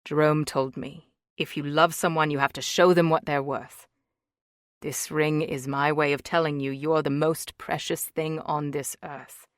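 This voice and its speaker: A woman reading an audiobook, voicing a gentle, playful young husband in a lowered voice. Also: flat delivery, measured pace, dry recording, clean studio sound. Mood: tender. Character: tender joking young husband, man. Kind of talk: audiobook character voice.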